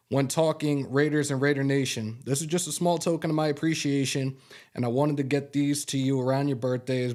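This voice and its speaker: A man's voice: on the high side, darkish tone. A man hosting a fan sports show on a live stream, chatting loosely with swearing and then reading a news rundown. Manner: loose and profane, openly moved by a fan's gift. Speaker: sports podcast host.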